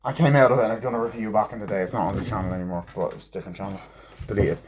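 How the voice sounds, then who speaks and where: A man's voice: on the low side, steady tone, very fast, a crowd in the background. A young man giving an exasperated film review, swearing often and filling his talk with "like.". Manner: exasperated, swears a lot, repeats "like". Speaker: movie reviewer.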